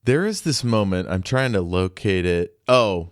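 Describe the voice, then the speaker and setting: A man's voice: on the low side, clear, resonant tone, no room sound. A man co-hosting a podcast, chatting about a film with dry jokes. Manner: slow, dry and joking. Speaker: podcast co-host. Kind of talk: casual film discussion.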